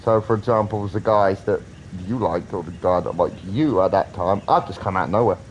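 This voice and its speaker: Low-voiced British man, earnest and sweary. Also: a little fast, highs cut off, slight background noise. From Britain. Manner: earnest, rambling, heavy swearing. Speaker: streamer. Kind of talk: casual live-stream chat.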